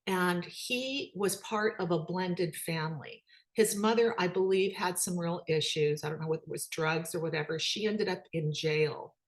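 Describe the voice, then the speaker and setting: A middle-aged woman telling personal stories about her children in an animated way, voicing their dialogue. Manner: animated, acts out quoted dialogue with rising pitch. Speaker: speaker, children's book author. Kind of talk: personal storytelling talk.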